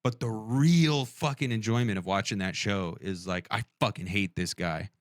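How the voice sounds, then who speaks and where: A man's voice: lowish voice, normal speed, dry recording, clean studio sound. A man co-hosting a podcast in loose, profane casual chat, filling his talk with "like" and "dude". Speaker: podcast co-host. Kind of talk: casual conversation.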